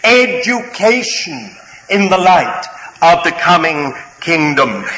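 A man preaching a sermon, deliberate and halting, with many fillers and gentle humour, in a large hall. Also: fairly high pitch. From Britain. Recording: reverberant hall, faint background noise.

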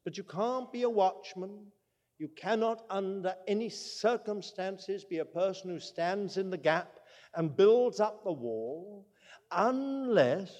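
A man preaching a sermon, telling stories with emphasis and slowing his words to stress key points. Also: sits high, a little mellow. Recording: long hall reverb.

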